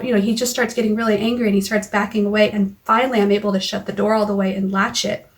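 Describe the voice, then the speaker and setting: A woman vlogging into her phone, recounting a frightening argument in a halting way, with many restarts and quoted lines of dialogue. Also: mid-range voice, level tone. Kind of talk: personal recap vlog. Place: car or home.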